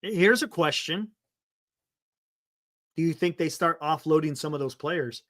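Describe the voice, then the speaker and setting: A man's voice: a little high, measured pace, a bit bright. A man hosting a live sports stream, chatting loosely, reading viewer comments and laughing often.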